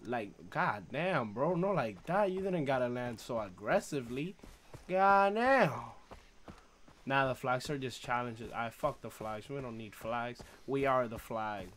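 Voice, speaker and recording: A young man streaming a shooter game live, swearing and trash-talking through casual commentary with sudden loud outbursts. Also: mid-range voice, expressive, unhurried, slight background noise. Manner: profane, loud, reacts with outbursts and trash talk. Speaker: gaming streamer.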